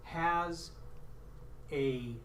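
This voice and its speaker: A man's voice: a little high, drawn-out words, fairly bright tone. A man at a town board meeting, cautiously explaining practical concerns. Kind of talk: municipal board meeting discussion. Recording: distant mic, faint room hum.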